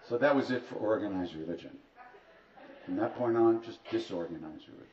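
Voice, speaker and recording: A man's voice: lowish voice, fast talker, a little mellow. A man at a retreat telling humorous stories to an audience, with wry, dry asides and self-mocking humor. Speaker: spiritual teacher speaking at a retreat. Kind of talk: humorous storytelling talk to an audience. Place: retreat hall. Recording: distant, roomy, dull live hall recording with faint ambience.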